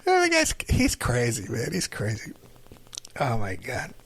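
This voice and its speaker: A middle-aged man hosts his own show in a loose, rambling monologue, breaking off to chuckle between stories. His voice sits at an ordinary pitch with a gravelly edge. The sound is close and dry. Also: huge pitch swings, a little slow, dry recording. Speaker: podcast host.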